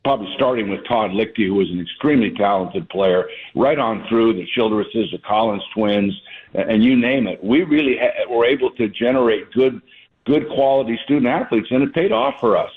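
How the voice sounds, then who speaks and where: A man's voice: lowish voice, moderate pace. Older man on a tinny phone line. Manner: folksy storyteller, chuckling. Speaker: guest, retired basketball coach. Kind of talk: radio interview storytelling. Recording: phone-line call-in audio.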